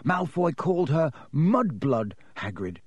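A man voicing a sick young schoolboy who speaks hoarsely and weakly. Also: on the high side, very animated, a little slow, no room sound, muffled recording, pitched above the performer's own voice, heavily acted. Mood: queasy.

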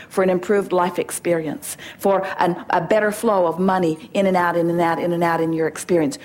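A woman's voice: medium pitch, a little mellow. Emphatic woman teaching a gathering. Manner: emphatic, playful, acts out dialogues. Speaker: spiritual teacher. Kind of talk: inspirational talk to a gathering.

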